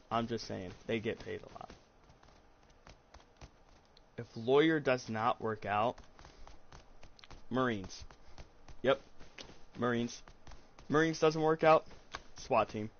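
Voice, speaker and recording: A teenage boy rambles through casual gaming chat, joking and padding his sentences with fillers. His voice has a gravelly fry. The headset recording sounds dull and lo-fi, with a faint hiss underneath. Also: medium pitch. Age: teens. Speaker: gamer and streamer.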